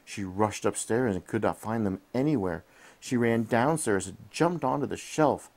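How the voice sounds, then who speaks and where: A man reading a bedtime story to his child while in bed, gently asking questions along the way, recorded on a head-mounted camera. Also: on the low side, moderate pace. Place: in bed at home.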